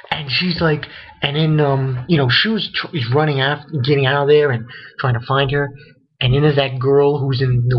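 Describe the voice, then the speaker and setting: This anime reviewer has a slightly rough, medium-pitched voice. He runs through an episode casually and without much structure, swearing often and filling gaps with ums and likes, on a dull lo-fi recording.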